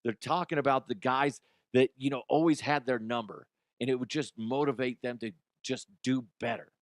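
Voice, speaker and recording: Here a middle-aged man, a podcast host and youth coach, talks through a casual monologue at normal speed. His medium-pitched voice has fairly even intonation on a dry recording, and he's blunt, profane and loud when acting out quotes.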